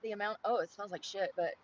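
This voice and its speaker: A young woman from North Carolina with a Southern accent, chatting excitedly and swearing as she films herself outdoors on a phone. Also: medium pitch, low-quality recording. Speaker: IRL streamer. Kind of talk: casual outdoor vlog chatter. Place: outdoors on a coast.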